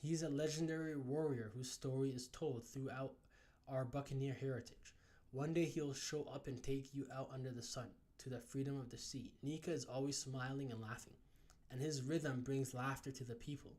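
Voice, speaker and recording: A man's voice: mid-range voice, steady tone, normal speed, a little mellow, natural voice. A man reading aloud a captive father's lines in his own plain voice from a comic. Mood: gentle. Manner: plain read-aloud delivery. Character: captive father, kind and hopeful, grown man.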